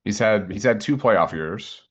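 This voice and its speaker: A man co-hosting a podcast, mostly reacting with short remarks and quick asides during casual sports talk. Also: on the low side, animated, slightly rough, lo-fi sound. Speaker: podcast co-host.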